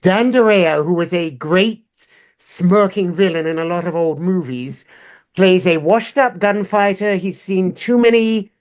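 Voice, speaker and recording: A man with a notably high voice speaks on a convention panel. He sums things up briskly and in a matter-of-fact way.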